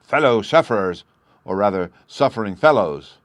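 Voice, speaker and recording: A man voicing a fussy, pompous male court Chancellor with a thin squeaky voice, a flustered speechmaker in an audiobook reading. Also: lively intonation, moderate pace, no room sound, close to an everyday voice.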